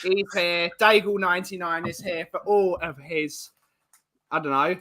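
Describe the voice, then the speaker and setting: A man's voice: high voice, fairly even intonation, a little slow, sharp tone. A man hosting a casual podcast, bantering and reading out names from the chat. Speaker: podcast host.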